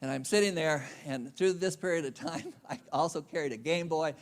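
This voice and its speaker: A man's voice: on the high side, normal speed. A man giving a conference speech, telling a humorous self-deprecating travel story. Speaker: conference speaker. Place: conference venue.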